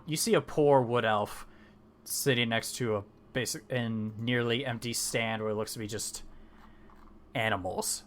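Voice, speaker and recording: A man's voice: medium pitch, fairly even intonation, measured pace. A man narrating a tabletop game as dungeon master, rambling with many fillers and restarts.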